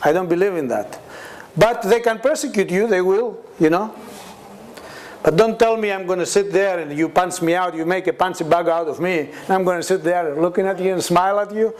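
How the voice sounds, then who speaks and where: A man's voice: high voice, fairly quick. A man giving a conversational testimony sermon, laughing often and acting out the voices of people in his stories. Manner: laughing, animated storytelling, acts out voices in quotes. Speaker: guest preacher. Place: church meeting with a responding congregation.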